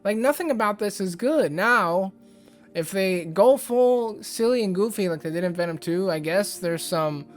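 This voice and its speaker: A man's voice: high-pitched, animated, moderate pace, faint music behind. A man hosting a casual ranting commentary vlog, rambling and exasperated, with lots of fillers. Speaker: YouTube host.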